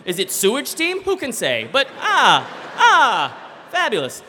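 A man telling a comic personal story live on stage, animated and acting out voices. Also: extremely high pitch, a little slow, long reverb tail, slight background noise. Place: theater stage.

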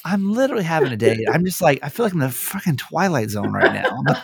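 A man's voice: on the high side, fast talker, vocal fry, breathy edge, no echo. A young man who hosts radio and a podcast, telling stories in casual chat, acting out quotes and swearing often. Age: young adult. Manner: animated storytelling, acting out quotes, frequent swearing.

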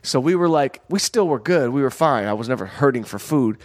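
A man's voice: medium pitch, animated, brisk. A man from Michigan telling a long story in a casual, rambling way, full of "you know" and "like.". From Southfield, Michigan, USA.

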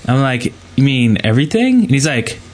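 A man's voice: mid-range voice, sing-song, a little fast. Male podcast co-host, loose rambling storyteller, mid-range voice. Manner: rambling, self-interrupting storyteller. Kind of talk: casual podcast chat.

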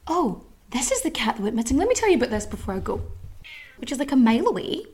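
Irish woman podcaster, kinda high but mellow voice, chatty, swears a lot. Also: very animated, quick pace, husky. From Ireland. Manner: chatty and candid, swearing freely. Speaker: podcast host. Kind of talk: casual chat.

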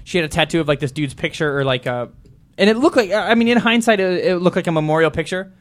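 A man tells rambling, animated anecdotes on a talk show and acts out every quote. He talks very quickly in a somewhat high voice. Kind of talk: casual storytelling chat.

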